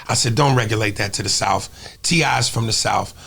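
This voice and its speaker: Man, guest comedian, husky voice, blunt, emphatic, casual chat. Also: fairly low pitch, a little fast, sharp tone. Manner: emphatic, blunt and profane when arguing.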